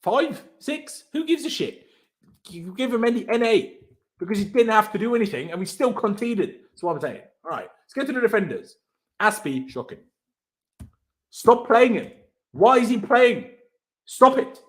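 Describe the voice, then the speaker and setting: A man's voice: sits high, sing-song, normal speed. Exasperated young man ranting about football. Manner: exasperated, ranting with repeated rhetorical questions. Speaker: host of a football reaction stream. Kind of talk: heated post-match fan reaction chat.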